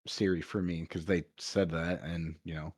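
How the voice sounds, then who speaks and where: A man's voice: sits low, fairly even intonation, moderate pace, a little mellow, breathy edge. A man making wry, laid-back remarks in casual chat.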